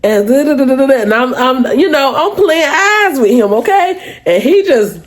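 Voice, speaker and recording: Chatty, lively woman with a deep voice. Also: normal speed. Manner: animated, chatty, keeps addressing viewers as "y'all". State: sick. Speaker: storytime vlogger. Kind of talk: casual storytelling to viewers.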